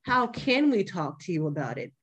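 A young woman hosting a podcast, talking bluntly and with plenty of swearing in a casual, animated way. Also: lowish voice, moderate pace, slightly rough. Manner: blunt and profane, animated retelling. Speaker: podcast host.

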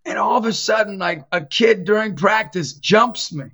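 A middle-aged man with a high, bright, ringing voice tells stories in a relaxed chat. He plays out every quoted line in an animated way. The recording sounds a little dull and lo-fi. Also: normal speed. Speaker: Catholic evangelist and youth basketball coach. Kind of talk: casual storytelling in a podcast chat.

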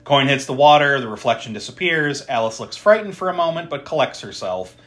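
In loose, casual chat, a podcast co-host walks through a film scene by scene in an ordinary mid-pitched voice that's animated, fairly quick and a bit bright. The talk is full of laughs, blunt swearing and dry sarcasm.

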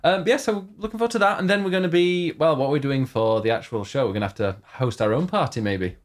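A man's voice: on the high side, quick pace. Chatty man rambling through jokes. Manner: chatty, rambling joke-teller. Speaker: podcast co-host. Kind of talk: casual chat. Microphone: one microphone shared between two.

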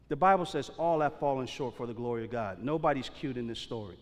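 A man's voice: mid-range voice, expressive, normal speed, a little mellow. A man preaching a sermon as pastor, in a casual, slangy way that keeps checking in with the congregation. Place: church sanctuary. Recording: long reverb of a large hall.

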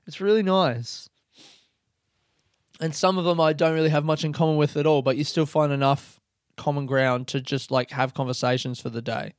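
Smooth-voiced man rambling casually. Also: on the high side, fairly even intonation, normal speed, no echo, studio quality. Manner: rambling, self-deprecating, swears freely. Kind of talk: casual monologue.

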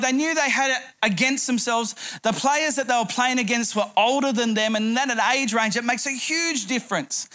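A man's voice: extremely high pitch, sharp tone. A middle-aged man preaching a sermon, telling a humorous anecdote as a pastor.

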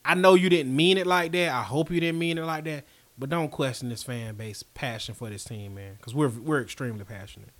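A man's voice: medium pitch, fairly quick, fairly bright tone. A man, co-hosting a sports podcast in casual, emphatic, playfully indignant banter. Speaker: podcast co-host.

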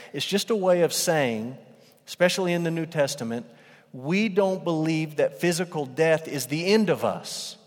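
Male pastor, sermon delivery, emphatic and repetitive, mid-pitched, long hall reverb. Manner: emphatic, repeats phrases for weight.

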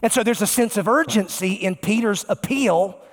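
A pastor, a man, preaching a sermon emphatically and slowing down to stress key words. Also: high-pitched. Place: large church sanctuary. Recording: long reverb of a large church.

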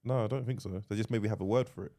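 A man's voice: lowish voice, very fast, warm tone. A man co-hosting a casual podcast chat, rambling and repeating himself, swearing freely. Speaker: podcast co-host.

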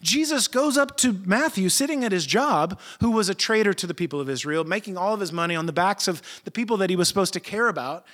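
A man preaching a sermon, retelling stories in animated, casual, slang-filled speech. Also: high-pitched, fast talker, hardly any pauses. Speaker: pastor.

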